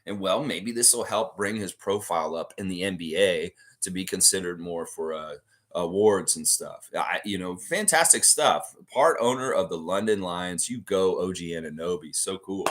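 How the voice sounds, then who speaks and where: A man's voice: sits low, normal speed. Casual rambling male livestream host. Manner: rambling, relaxed, reads viewer comments aloud.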